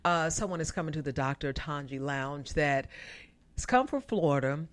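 A woman's voice: sits low, animated, normal speed, no room sound. A woman co-hosting a radio show, chatting casually and hesitantly with fillers. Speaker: radio co-host. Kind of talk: casual chat.

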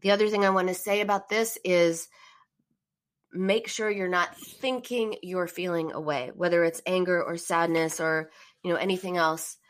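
Earnest middle-aged woman, therapist host, warm encouraging delivery. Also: lowish voice, steady tone, moderate pace. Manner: earnest and encouraging, acts out emotional phrases. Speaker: therapist hosting a call-in live stream. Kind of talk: casual live-stream advice talk.

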